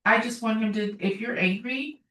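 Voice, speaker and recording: A woman's voice: a little high, moderate pace, fairly bright tone. A woman speaks up in a support group as a frustrated, defensive mother. She sits well away from the mic, and the room adds a lot of echo. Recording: distant and echoey.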